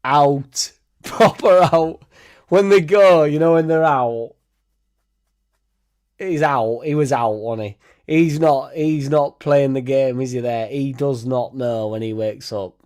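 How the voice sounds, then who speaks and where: A man's voice: medium pitch, unhurried, a little mellow. A young man hosting a casual fan livestream, laughing often, swearing freely and rambling as he reacts and thanks viewers. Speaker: fan channel host.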